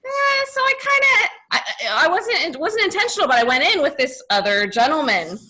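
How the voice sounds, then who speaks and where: A young woman tells her story on a podcast in a bubbly, giggly way, leaning on "like" as she goes. Her voice sits high and swings widely in pitch. The tone is bright. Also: sing-song, normal speed, low-quality recording. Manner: bubbly, giggly, says "like" a lot. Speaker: podcast guest. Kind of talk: casual storytelling.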